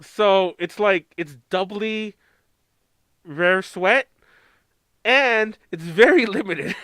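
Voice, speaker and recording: Man, American accent, podcast co-host, casual rambling chat, frequent laughter, high pitch, dry close sound. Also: extremely slow, bright, forceful tone, dry recording. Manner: rambling, laughs often, swears freely.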